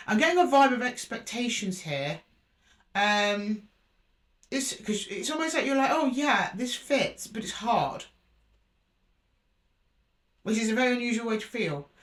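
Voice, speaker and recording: A woman's voice: medium pitch, lively intonation, normal speed. A woman giving a casual tarot reading, thinking aloud, repeating card names as she draws them and correcting herself with fillers. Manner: chatty and reassuring with frequent fillers and self-corrections. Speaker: tarot reader.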